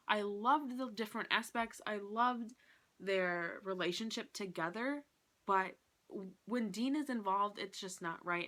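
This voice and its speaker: A woman giving a casual vlog book review, retelling the plot in an animated way and acting out quotes with lots of "like". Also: mid-range voice.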